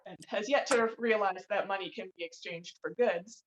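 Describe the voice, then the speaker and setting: A woman's voice: medium pitch, moderate pace, slight background noise. A woman playing a tabletop game over a video call, joking about her character. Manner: joking, laughs often. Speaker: player. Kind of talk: casual tabletop play. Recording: dull lo-fi call audio.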